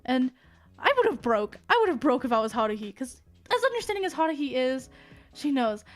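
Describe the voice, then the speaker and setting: A fairly high-pitched woman chats on stream, retelling a story in an eager, rambling way with lots of "like" and "you know." Soft music plays faintly behind her. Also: a little fast. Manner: rambling, excited anime recap with many fillers. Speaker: VTuber streamer. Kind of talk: casual stream chat.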